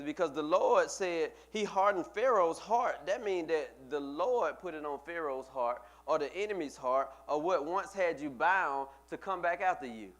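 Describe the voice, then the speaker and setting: A pastor delivering a sermon in a casual, conversational way. His voice sits a little high for a man. He often stumbles into repeated words and speaks straight to his congregation. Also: a bit bright.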